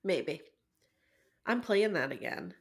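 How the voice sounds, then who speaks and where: A woman co-hosting a podcast in casual chat, easygoing and quick to laugh. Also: on the low side, very animated. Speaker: podcast co-host.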